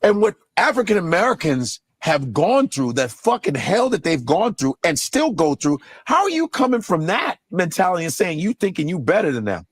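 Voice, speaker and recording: A comedian guest in casual chat, talking in an animated, profane way. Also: male voice, high-pitched, moderate pace, few pauses, breathy edge, no echo. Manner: animated, profane, slips into mock voices.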